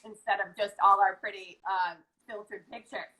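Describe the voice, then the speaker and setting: A woman speaking as an acting coach on a live video call, giving an energetic, chatty, motivational talk. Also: mid-range voice, moderate pace, rough recording.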